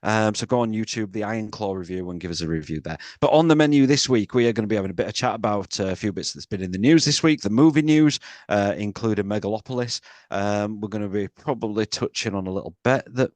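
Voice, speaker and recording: A man's voice: on the low side, fast, few pauses, darkish tone, no echo. A man hosting a casual movie podcast, joking and teasing his co-host in a rambling way.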